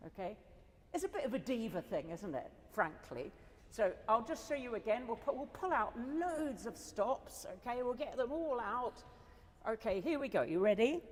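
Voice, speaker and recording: A woman's voice: on the high side, animated, moderate pace. Chatty woman organist in a reverberant hall. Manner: chatty and enthusiastic, with laughs and asides. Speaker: organist adjudicator. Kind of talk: informal talk to an audience. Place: school hall.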